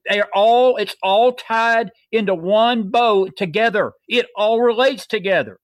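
A man's voice: high voice, unhurried, dry recording. A man co-hosting a heated political talk show, fiery and preachy as he rallies listeners. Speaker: co-host.

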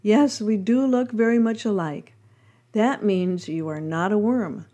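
Fadawaladi, a polite gentle caterpillar voiced by a woman. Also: mid-range voice, a little slow, close to an everyday voice. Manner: courteous, earnest storybook voice. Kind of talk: storybook reading.

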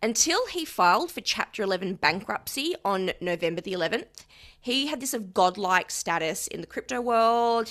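A woman co-hosting a podcast, telling a story in a playful, self-mocking way. Her voice is bright and forceful, and her pitch swings widely as she talks. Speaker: podcast co-host. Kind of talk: casual chat, explaining a story.

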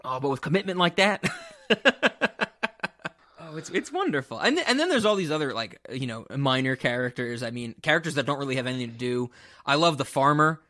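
A man's voice: medium pitch, very animated, a little fast, bright, forceful tone, dry recording. A man co-hosting a podcast in casual chat, talking enthusiastically and laughing often. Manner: enthusiastic, laughing, acts out quotes. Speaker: podcast co-host.

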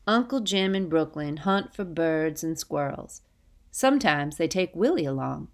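Woman, audiobook narrator, unhurried, folksy dialect, lower-pitched. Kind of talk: first-person storybook narration.

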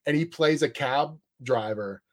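A man who draws comics, chatting casually and telling animated stories with frequent laughs. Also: mid-range voice, unhurried. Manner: animated storyteller, laughs often. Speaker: comic artist guest. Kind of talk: casual chat.

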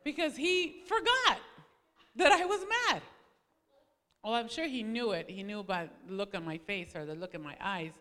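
A woman telling a personal story in a sermon to a congregation, animated and dramatic as she acts out quoted arguments. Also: moderate pace, big-room sound. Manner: animated storytelling, acting out quoted arguments with big pitch swings. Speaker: preacher's wife speaking to a congregation. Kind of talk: sermon-style personal testimony.

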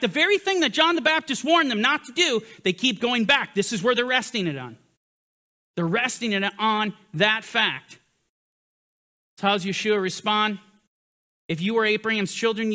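A man teaching the Bible in a sermon style, emphatic and full of rhetorical questions, swinging from loud stresses to hushed, grave lines. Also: very high-pitched.

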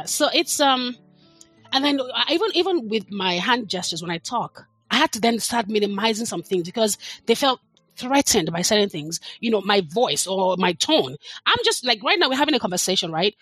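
A woman's voice: on the high side, very animated, moderate pace, fairly bright tone, slightly rough, dry recording, faint music behind. A middle-aged woman, talking as a podcast guest in a passionate, emphatic way, leaning hard on her words. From Nigeria. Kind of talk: casual chat.

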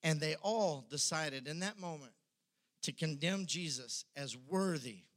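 A man preaching with a high, bright, ringing voice. He swings dramatically from pressing, loud delivery to low, hushed moments. A sermon style throughout. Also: animated, measured pace. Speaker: pastor.

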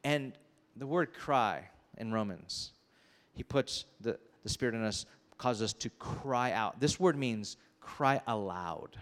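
Man preaching in a reverberant hall. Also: mid-range voice. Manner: animated, acts out characters, quick asides. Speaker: pastor. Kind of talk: sermon. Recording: long reverb of a large hall.

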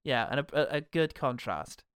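A man's voice: medium pitch, lively intonation, moderate pace, a bit bright, clean tone, no room sound, clean studio sound. A man co-hosting a casual podcast, joking playfully and swearing while he recounts favourite film moments. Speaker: podcast co-host.

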